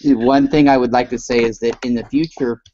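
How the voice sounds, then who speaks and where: A man's voice: mid-range voice, fairly even intonation, fast talker, lo-fi sound, a loud crowd. A man from the American West Coast, co-hosting a talk show and chatting in a loose, rambling way, swearing casually. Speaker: co-host. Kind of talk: casual chat.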